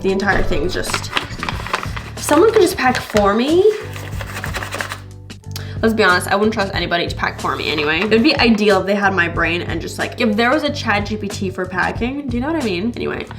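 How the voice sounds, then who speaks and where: A young woman chatting casually to camera in a packing vlog, playful and quick to laugh, recorded at home. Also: mid-range voice, big pitch swings, music in the background. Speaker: vlogger.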